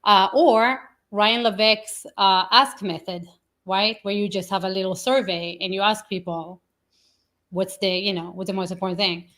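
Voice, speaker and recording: A woman guest in a casual interview, telling stories with lively acted-out quotes and frequent laughs. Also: mid-range voice, normal speed. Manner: animated storyteller, acts out quotes, laughs often.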